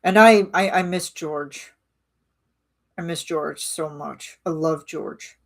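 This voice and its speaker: A woman's voice: sits low, slow, creaky. A woman rambling casually in a live-stream chat with her viewers, full of restarts and fillers. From Canada.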